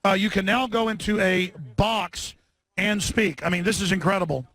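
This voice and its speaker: A man hosting a live broadcast from a street protest, talking in a rapid, combative rant and leading chants through a bullhorn. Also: sits high, no echo. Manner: shouts slogans through a bullhorn. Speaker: talk show host.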